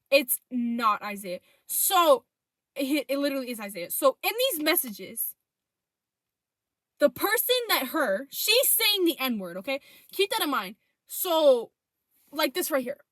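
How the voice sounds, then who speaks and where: Young woman, storytime vlog, cursing, animated, fairly high voice, dry sound. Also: no room sound. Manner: profane, animated retelling of texts.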